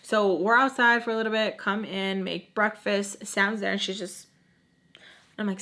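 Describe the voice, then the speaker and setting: Here a young woman vlogger speaks at a normal speed in a medium-pitched, fairly bright voice with fairly even intonation. Telling a chatty storytime packed with "like," she mixes in Spanish phrases and voices the people she quotes.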